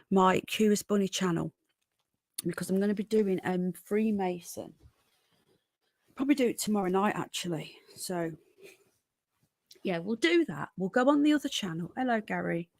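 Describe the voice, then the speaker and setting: A woman's voice: mid-range voice, normal speed, long pauses, a little mellow, no echo, clean studio sound. A woman hosting a casual livestream, chatting with viewers and thanking them by name. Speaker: livestream host.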